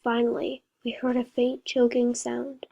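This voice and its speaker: Woman, reading a horror story aloud, slow and even, a bit high, small slips. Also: vocal fry, lo-fi sound.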